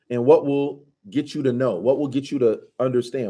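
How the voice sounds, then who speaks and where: Male teacher, mid-pitched and relaxed, leading an informal commentary class. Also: moderate pace, hardly any pauses. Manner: casual, asks the class questions, drops into Arabic recitation. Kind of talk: conversational Quran commentary class.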